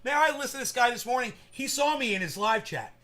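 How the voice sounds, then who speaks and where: Bright-voiced man rambling on a livestream. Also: very high-pitched, lively intonation, fast. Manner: rambling, profane, talks to chat by name. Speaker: livestream host. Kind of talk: casual livestream chat.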